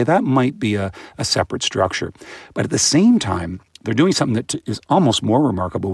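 A man, a guest author in an interview, explaining things in an animated way and imitating baby sounds as he goes. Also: on the low side, vocal fry, breathy edge, no echo, studio quality.

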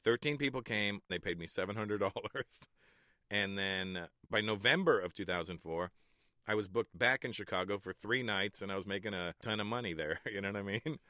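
A middle-aged man, a stand-up comedian, telling stories in a relaxed interview and chuckling often. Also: fairly low pitch, brisk, no room sound, studio quality. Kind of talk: casual interview talk.

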